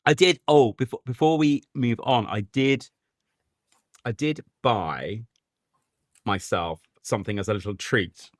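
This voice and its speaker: A man's voice: medium pitch, measured pace, no echo, clean studio sound. A man with a southern English accent, co-hosting a podcast in casual chat, often restarting his sentences. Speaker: podcast co-host.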